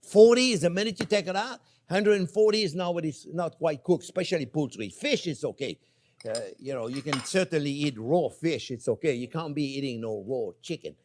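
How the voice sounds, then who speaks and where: A man's voice: a little high, a little fast, a little mellow. An older man hosting a cooking show, chatting playfully with viewers as he cooks. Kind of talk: casual cooking demonstration.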